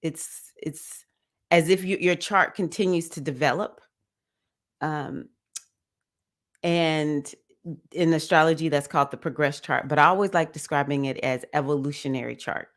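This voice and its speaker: Woman, low voice, chatty livestream host, laughs a lot, casual astrology talk. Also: fairly even intonation, moderate pace. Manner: chatty, laughs often, talks to viewers as y'all.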